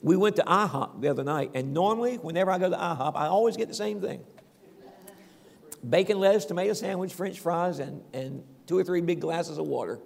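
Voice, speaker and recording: A man's voice: high-pitched, brisk, gravelly, in a large hall. A man preaching a sermon as pastor, telling homespun stories and calling out to the congregation. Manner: folksy storytelling preacher, calls out "Amen?".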